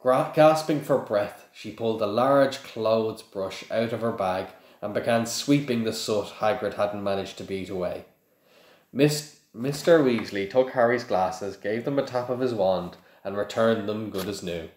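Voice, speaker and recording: A man's voice: fairly low pitch, unhurried, a little mellow, roomy sound. A man reading a children's story aloud in a plain manner with small slips and restarts. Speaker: reader.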